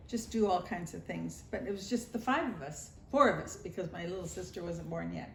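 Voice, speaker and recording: A woman's voice: on the low side, creaky. Older woman storyteller, nostalgic family memories, roomy echo, faint room hum. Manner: warm storytelling, nostalgic, acts out family voices. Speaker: grandmother sharing family memories. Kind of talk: recorded family interview.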